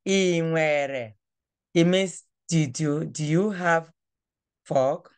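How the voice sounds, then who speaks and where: A woman teaching a language class over a phone, patient and coaxing, repeating words slowly. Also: deep voice, a little mellow, clear, resonant tone.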